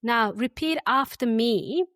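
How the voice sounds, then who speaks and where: A woman hosting an English lesson podcast, friendly and easygoing, who says example phrases slowly and repeats them for listeners to copy. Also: on the high side, lively intonation, a bit bright, no room sound, clean studio sound. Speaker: English teacher and podcast host.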